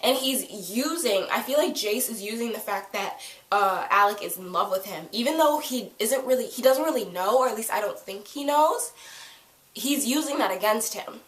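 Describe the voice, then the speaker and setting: A woman giving a casual fan review of a TV episode, excitable and gushing, swearing freely. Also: a little high, normal speed. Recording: echoey room.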